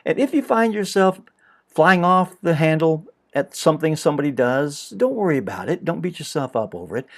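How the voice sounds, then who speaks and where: A man's voice: a little high, animated, brisk, creaky. A man hosting a reflective spiritual talk in a conversational way, now and then acting out imagined back-and-forth dialogue. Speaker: host.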